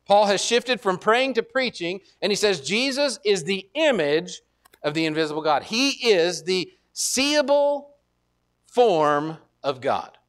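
A male pastor delivers a sermon conversationally, his voice sitting high with a fairly bright tone. He often restarts phrases with repeated words and slows down to stress scripture.

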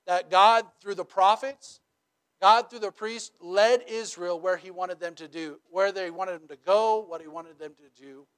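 Man, pastor, sermon, high voice, conversational, humorous storytelling, rhetorical questions. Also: a little slow, a bit bright, clean tone.

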